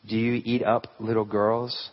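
A man's voice: on the low side, flat delivery, a little slow, dull audio, close to an everyday voice. Timid little girl, read by a man.

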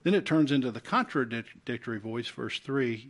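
A man with a Southern US accent preaching a sermon as pastor, swinging between loud urgent calls and soft hushed appeals. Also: mid-range voice, animated, moderate pace.

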